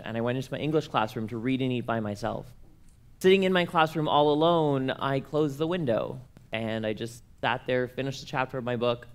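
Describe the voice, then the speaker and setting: A young man from Canada telling a personal story to an audience, acting out the voices of the people in it. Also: medium pitch. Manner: animated, acts out quoted voices. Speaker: speaker at a church conference.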